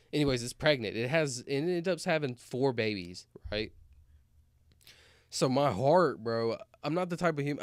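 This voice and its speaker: A young man, a streamer, telling rambling stories in casual chat, filling every pause with "like" and "anyways.". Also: mid-range voice, smooth, no room sound, clean studio sound. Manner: rambling, filler-heavy, says "like" and "anyways" constantly. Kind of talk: casual storytelling while reading chat.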